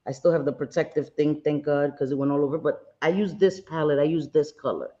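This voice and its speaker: A woman's voice: deep voice, fairly even intonation, brisk, mellow, highs cut off. A woman hosting a casual livestream, bubbly and chatty, greeting viewers with pet names. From Puerto Rico. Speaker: livestream host.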